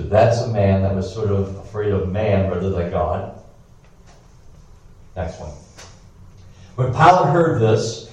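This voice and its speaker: A man reads a scripture passage aloud at a middle pitch and breaks off now and then for short comments. He stumbles on words once in a while. The room rings heavily around him, and the mic sits well back. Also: a little mellow. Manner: reads steadily, with occasional stumbles and asides. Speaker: scripture reader. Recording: echoey room, distant mic.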